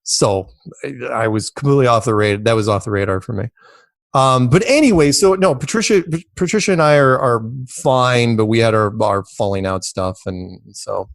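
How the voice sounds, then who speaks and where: A man's voice: medium pitch, normal speed, gravelly, dry recording. A man talking as an interview guest, rambling and circling back on his words while acting out what other people told him. His voice sits in a middle range, and the sound is dry and close, with no room around it. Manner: rambling, repeats words, animated quoting of others. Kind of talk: casual storytelling in an interview.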